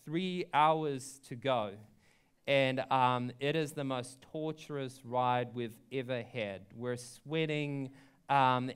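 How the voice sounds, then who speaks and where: With a mid-range voice that rings clear and resonant, a young adult pastor recounts a story from the pulpit. He keeps it conversational, filling it with ums and likes and chuckling at what he's telling.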